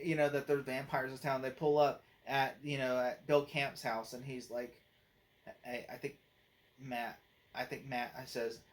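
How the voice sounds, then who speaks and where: A man hosting his own channel, giving a casual spoken movie review in a rambling way, full of "like" and "you know" and quick to laugh. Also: a little high. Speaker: movie critic and channel host.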